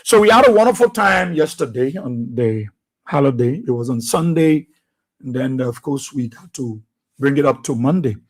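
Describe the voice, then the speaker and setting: A man's voice: medium pitch, normal speed. Man greeting radio listeners. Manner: reads listener names and places in a steady greeting rhythm. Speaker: radio talk show host. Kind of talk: live radio call-in greetings.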